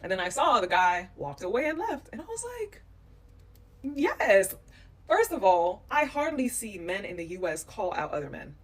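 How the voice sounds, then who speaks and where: A woman's voice: mid-range voice, very animated, a little fast, few pauses, a bit bright, distant mic. A woman from the United States telling a travel story in a vlog, animating it with quoted voices. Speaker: vlogger recounting a trip.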